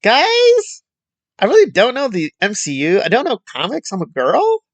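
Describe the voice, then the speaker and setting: A man's voice: very high voice, wildly swooping pitch, moderate pace, no echo, pitched above the performer's own voice, exaggerated voice. A man putting on a mocking impression of a ditzy woman film critic, talking in a sing-song, dismissive way.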